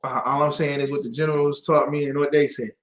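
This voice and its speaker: A man teaching a scripture class to a group, lively and conversational, acting out the voices he quotes. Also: fairly high pitch, fast, reverberant. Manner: lively, call-and-response, acts out quoted voices.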